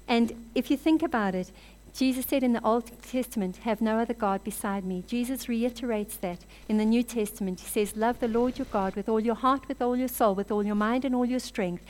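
Woman preaching, fairly high voice, storytelling sermon with chatty asides. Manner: animated storytelling, acts out voices in the stories.

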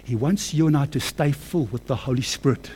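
A man preaching a sermon with personal testimony, calling listeners friends and child of God, moving from quiet storytelling to fervent shouting. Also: mid-range voice, fairly quick, a little hiss or hum. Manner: swings from hushed to shouting with passion.

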